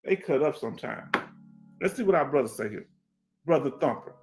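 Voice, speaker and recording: A middle-aged veteran from Houston, Texas hosts a casual livestream over a headset, reading chat and talking emphatically with lots of repetition, often asking "you understand?" His Houston Black American English voice is on the high side, expressive, a little fast and darkish, with faint music behind. He comes across as streetwise.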